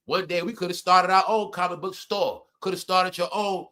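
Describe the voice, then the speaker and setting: Animated high-voiced man telling stories. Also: normal speed. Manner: animated, swings between loud outbursts and low mutters; laughs often while telling stories. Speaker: live stream host. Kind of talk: casual storytelling to viewers.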